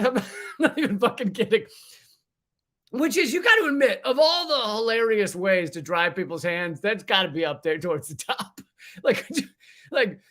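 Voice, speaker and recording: A man's voice: high-pitched, fairly bright tone. A man hosting a livestream, ranting in a casual, profane, rambling way with many restarts. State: sweating from heat. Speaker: comedian livestream host.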